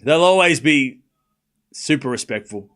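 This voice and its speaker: A man's voice: medium pitch, expressive, a little slow, fairly bright tone. A man hosting a live watchalong, chatting casually with his chat, rambling with frequent fillers and restarts. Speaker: livestream watchalong host.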